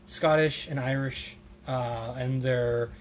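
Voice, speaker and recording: A man's voice: medium pitch, fairly even intonation, slow, a little hiss or hum. A man hosting a casual podcast, rambling and hesitant, with plenty of restarts and ums. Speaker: podcast host.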